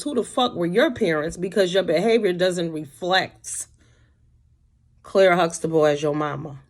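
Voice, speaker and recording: A woman, ranting bluntly to camera from home in a sassy, heavily profane commentary vlog. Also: medium pitch. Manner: blunt, sassy, heavy cursing. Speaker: commentary vlogger.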